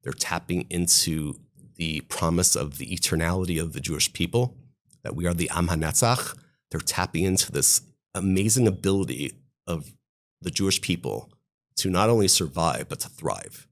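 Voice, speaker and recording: A rabbi with a very deep, low voice, speaking. He tells stories with fervour, his voice climbing on the points that move him. He is a podcast interview guest. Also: moderate pace. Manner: impassioned, storytelling, voice rising on key points.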